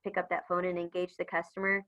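Speaking quickly with a flat delivery, this woman has a lowish, slightly bright voice, captured in a low-quality recording. She heads customer service at a supplier and, upbeat and chatty, discusses customer service in a business interview while acting out phone greetings.

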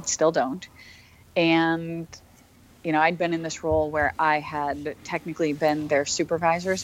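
A woman who is a podcast guest, telling a personal story in an earnest, reflective way, with frequent fillers and restarts. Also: deep voice.

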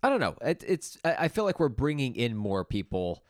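A man co-hosting a music podcast in casual chat, laid-back and hesitant, filling pauses with "um" and "like". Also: mid-range voice, sing-song, no room sound, studio quality. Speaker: podcast co-host.

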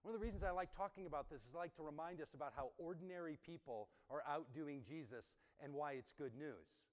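A man's voice: fairly high pitch, a little fast. A man preaching a sermon in a conversational, emphatic style, asking rhetorical questions. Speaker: pastor. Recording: reverberant hall sound.

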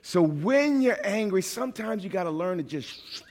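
Man, pastor, from New York, animated sermon, high voice, long hall reverb. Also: moderate pace. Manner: animated preaching, rising to shouts.

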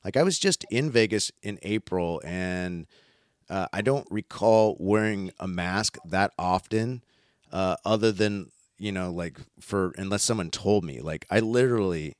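A man's voice: low voice, no echo, studio quality. A man hosting a casual chat, blunt and profane, giving his opinions. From US West Coast. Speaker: podcast host.

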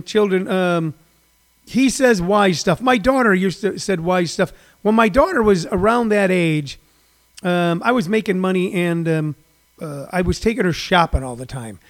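A man in his sixties with a high voice, talking off the cuff on his daily livestream. He rambles and restarts his sentences, with lots of ums and uhs, in a loose, chatty monologue. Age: 60s. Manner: rambling storyteller with many fillers and restarts. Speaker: comedian hosting a daily livestream.

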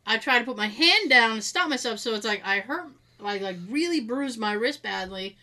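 A woman co-hosting a podcast in casual chat, telling stories in an animated way, swearing freely and laughing often. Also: on the high side, normal speed. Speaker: podcast co-host.

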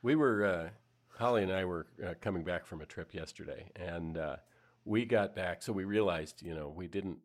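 Man from Boston, very deep voice, wry, joking, casual podcast chat. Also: normal speed. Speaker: podcast co-host.

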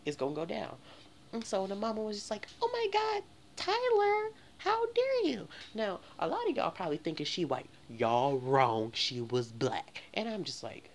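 A woman, telling a profane, animated storytime rant for her vlog. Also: deep voice, a little hiss or hum. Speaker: vlogger.

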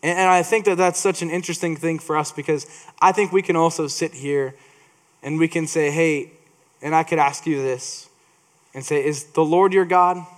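A man's voice: fairly high pitch, fairly even intonation, normal speed. A man preaching a sermon, reading scripture and adding playful asides with frequent restarts.

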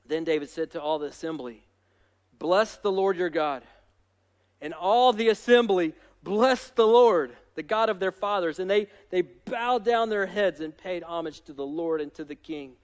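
High-voiced pastor preaching with zeal. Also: male voice, moderate pace, few pauses. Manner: energetic, emphatic, self-deprecating humor. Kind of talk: sermon.

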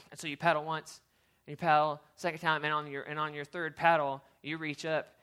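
A youth pastor giving a casual, storytelling sermon, chatty and animated, with lots of fillers and restarts. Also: male voice, a little high, clear, resonant tone.

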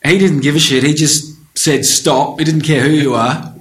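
A man's voice: fairly high pitch, fairly even intonation, moderate pace, a bit bright. A man co-hosting a podcast, chatting casually and enthusiastically. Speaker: podcast co-host. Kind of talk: casual chat. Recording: roomy echo.

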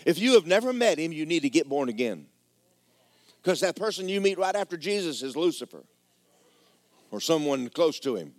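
A man preaching a folksy, conversational sermon. He tells stories and drops into quiet asides. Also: on the high side, sing-song, normal speed, long pauses, no echo. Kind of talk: sermon with storytelling.

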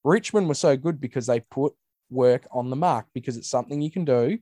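Casting note: Australian bloke, blunt sweary ranter, dry close-mic sound. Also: male voice, mid-range voice, brisk, mellow, dry recording. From Western Australia. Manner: ranting, blunt and sweary, mimics people in raised voices. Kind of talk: casual chat.

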